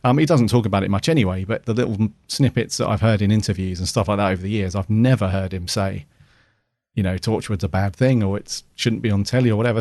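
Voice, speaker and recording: A man's voice: lowish voice, darkish tone, dry recording, clean studio sound. A man hosting a podcast, talking casually with lots of hesitation and restarts. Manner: hesitant, many ums and restarts. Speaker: podcast host.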